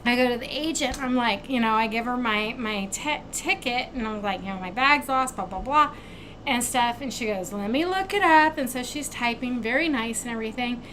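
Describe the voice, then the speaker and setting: A woman hosting a craft vlog, telling a long travel mishap in a casual, animated way and acting out the quoted back-and-forth. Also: fairly high pitch, moderate pace, a little hiss or hum, low-quality recording. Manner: animated retelling, acts out quoted exchanges. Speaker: craft channel host.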